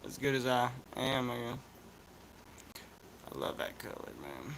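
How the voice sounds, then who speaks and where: A man's voice: medium pitch, big pitch swings, a little slow, background noise. A man with an Appalachian accent chatting in a laid-back, rambling, slangy way as a vlog host. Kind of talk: casual chat vlog.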